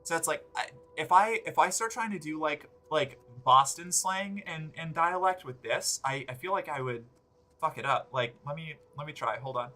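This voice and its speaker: A man's voice: fairly high pitch, moderate pace, sharp tone. A man in his forties chatting casually and profanely while streaming a game, rambling and cutting himself off mid-thought. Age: 40s. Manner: rambling, profane, self-interrupting. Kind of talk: casual live-stream chat while gaming.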